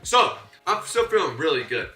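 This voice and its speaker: A young man telling a comedic story, animated and slangy, acting out his own voice and his coaches' voices. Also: on the high side, moderate pace. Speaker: YouTuber. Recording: echoey room, a bit distant from the mic, faint music.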